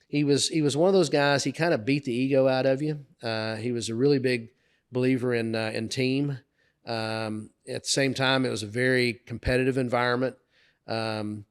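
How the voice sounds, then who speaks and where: Middle-aged man telling work stories. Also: medium pitch. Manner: lively anecdotes, raising his voice to act out quoted bosses. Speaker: podcast co-host. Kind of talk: casual storytelling chat.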